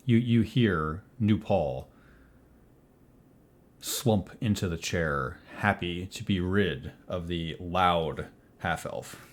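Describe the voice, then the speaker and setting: A man runs a tabletop game as game master, describing scenes in a calm, measured way. His voice sits very low.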